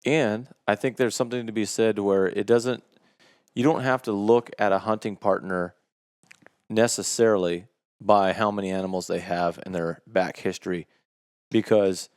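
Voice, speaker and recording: Man, co-host, easygoing and thoughtful, lowish voice, dry recording. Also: smooth, no echo. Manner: relaxed, reflective, laughs and backchannels. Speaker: podcast co-host. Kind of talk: casual podcast chat.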